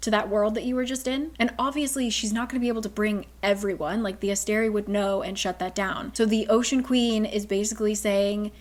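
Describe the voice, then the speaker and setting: A woman's voice: mid-range voice, fairly even intonation, a little fast, few pauses. A woman casually recapping a fantasy novel's plot, chatty and swearing, now and then reading passages aloud. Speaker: book recap narrator.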